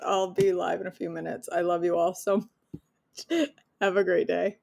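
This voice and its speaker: A woman's voice: lowish voice, level tone, normal speed, gravelly, a little mellow. A woman hosting a live devotional stream, chatting with viewers and leading a spoken prayer. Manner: chatty, answers viewers' comments by name, laughs easily.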